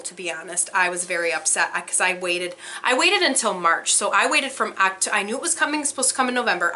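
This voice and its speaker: A woman's voice: mid-range voice, sharp tone. A woman chatting casually while unboxing, gushing and gasping with whispered awe. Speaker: unboxing vlogger.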